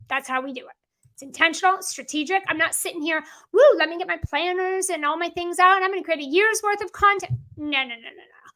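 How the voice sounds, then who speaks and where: A woman's voice: high-pitched, bright, forceful tone. A woman business coach teaching a masterclass in an emphatic, repetitive way, often acting out what clients say to her.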